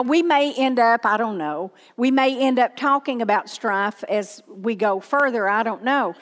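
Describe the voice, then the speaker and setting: A woman's voice: high voice, long reverb tail. A woman pastor with a Southern accent, preaching a sermon with emphatic repetition and questions to the congregation.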